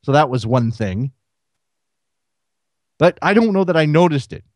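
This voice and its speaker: A man's voice: a little high, lively intonation, unhurried, no echo, studio quality. A man hosting a solo sports talk radio show, firing rhetorical questions at listeners.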